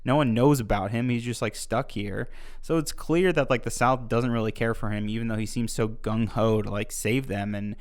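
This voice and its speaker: A man's voice: medium pitch, steady tone, moderate pace. A young man co-hosts a film podcast in a mid-range voice. He chats casually about the film, with loose phrasing and the word "like" scattered through nearly every sentence. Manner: loose, filler-heavy talk with frequent "like". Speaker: podcast co-host.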